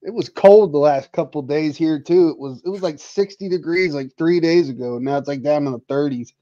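Mellow-voiced man on a dull, lo-fi line. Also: on the high side, brisk. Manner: crude, profane, laughing along. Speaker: livestream guest. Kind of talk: casual livestream chat.

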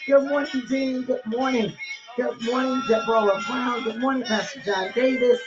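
Woman bishop, slightly high voice, exuberant, greeting viewers by name; dull lo-fi stream with music behind. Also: steady tone, normal speed. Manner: exuberant, calls out names, laughs often. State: teary and emotional. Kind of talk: livestream greeting to online congregation.

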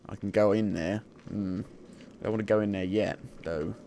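This streamer's voice sits on the low side, dark and steady, at a moderate pace with a bit of background noise. He chats and jokes casually through his playthrough, muttering to himself while he plays.

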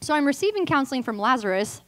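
A woman's voice: high-pitched, fast talker, slight background noise, low-quality recording. A woman in her thirties from California, a guest preacher giving a sermon and telling her own story, acting out the dialogue as she goes. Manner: lively storyteller who acts out dialogue. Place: church service.

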